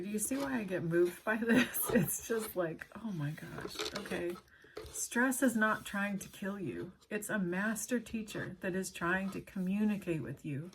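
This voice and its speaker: A woman hosting her channel, reading a book aloud with casual personal asides. She is earnest and emotional and pauses often to apologize. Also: mid-range voice, a little hiss or hum.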